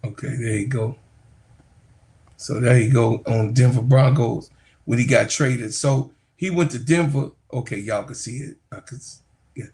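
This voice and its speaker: A man's voice: mid-range voice, moderate pace, vocal fry, a little mellow. A man casually telling rambling stories to his viewers on a livestream, laughing often and calling them y'all. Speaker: sports YouTuber talking to viewers.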